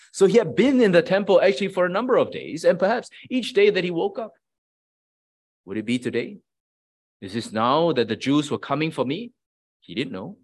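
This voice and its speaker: A man preaching a sermon in an earnest, emphatic way, asking rhetorical questions and often repeating words as he builds his point. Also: fairly high pitch.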